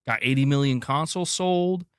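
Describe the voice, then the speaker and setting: A man's voice: medium pitch, moderate pace, a bit bright, clear, resonant tone, no echo, studio quality. Exasperated ranting man. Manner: emphatic, repeats himself, exasperated. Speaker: commentator in a played clip. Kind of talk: ranting video commentary.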